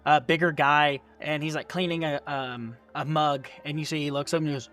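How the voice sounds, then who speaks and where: A man's voice: fairly high pitch, steady tone, brisk, fairly bright tone, faint music behind. A man narrating as game master in a casual, rambling way full of fillers.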